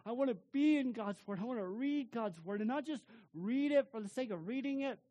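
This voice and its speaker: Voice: medium pitch, lively intonation, warm tone. Emphatic pastor preaching a sermon. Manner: emphatic, building repetition; slows to stress key words.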